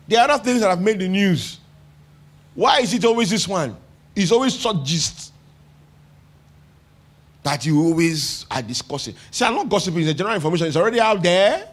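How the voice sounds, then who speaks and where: Nigerian preacher, conversational and questioning. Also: male voice, sits high, fairly bright tone. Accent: Nigerian English. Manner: repeats phrases for emphasis. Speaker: pastor. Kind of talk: sermon.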